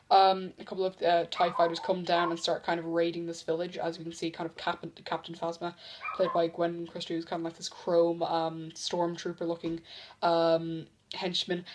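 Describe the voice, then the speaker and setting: A man's voice: high-pitched, noisy background. A man hosting a casual news commentary vlog, rambling with lots of ums and restarts. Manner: rambling, full of ums and self-corrections. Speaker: vlog host.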